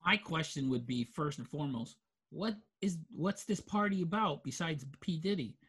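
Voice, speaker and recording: An easygoing podcast cohost with a husky voice, asking plain questions and chuckling along. His delivery stays relaxed. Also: a little high, normal speed. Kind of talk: casual podcast chat.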